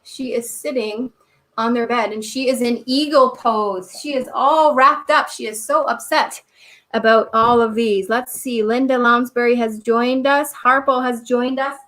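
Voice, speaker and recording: A woman's voice: on the high side, fairly even intonation, measured pace, fairly bright tone, distant mic. A woman reading a children's story aloud and leading kids through yoga poses in an encouraging, cheerful way, recorded indoors on a camera mic. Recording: echoey room.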